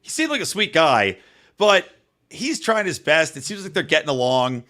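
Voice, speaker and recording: A man's voice: on the high side, moderate pace. A man co-hosting a podcast, recapping a TV show in casual chat and acting out quotes as he tells the story. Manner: animated storytelling, acts out quotes, laughs often. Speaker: podcast co-host.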